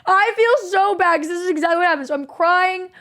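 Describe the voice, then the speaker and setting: A woman's voice: extremely high pitch, a little fast, fairly bright tone. A young adult woman streamer telling a story to her chat in a rambling, candid way, with lots of "like" fillers and casual swearing.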